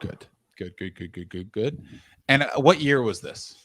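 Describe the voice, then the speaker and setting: A man hosting a casual comedy podcast, teasing his guests and quick to laugh. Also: mid-range voice, animated, fairly bright tone, no echo. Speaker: podcast host.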